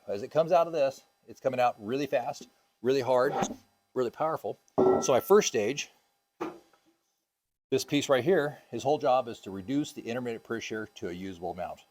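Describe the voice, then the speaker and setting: A man's voice: mid-range voice, a little mellow. A man teaching a scuba diving class, casual and upbeat, with many ums and uhs, asking the class questions.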